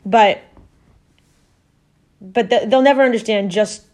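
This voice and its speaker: A young adult woman hosting a solo podcast, talking earnestly in a halting way with many fillers and restarts. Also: a little high. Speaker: podcast host. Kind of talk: casual solo podcast talk.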